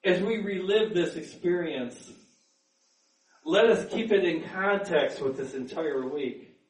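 A man's voice: high-pitched, slow, a little mellow, roomy sound, far from the mic, rough recording. A man preaching a sermon in an earnest manner, repeating words as he builds to emphatic peaks. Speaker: pastor.

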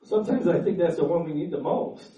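A man's voice: a little high, brisk, mellow, muffled recording. A man preaching a sermon as pastor, earnest, stumbling over repeated words and then building up with fervor. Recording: echoey room, mic at a distance.

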